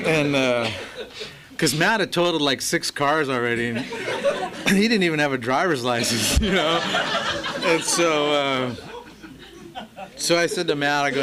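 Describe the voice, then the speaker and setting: A man's voice: fairly high pitch, background noise. A man speaking at a recovery meeting, telling a personal story in a laid-back way to a live audience, with many fillers and quoted dialogue. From Los Angeles area. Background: audience laughter.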